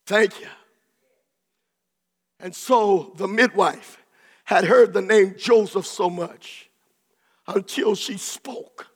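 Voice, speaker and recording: High-voiced shouting preacher in a reverberant church. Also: male voice, slow pace, long pauses, husky. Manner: shouting, rhythmic repetition, drops to soft asides. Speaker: pastor. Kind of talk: sermon. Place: church sanctuary. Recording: long reverb of a large church.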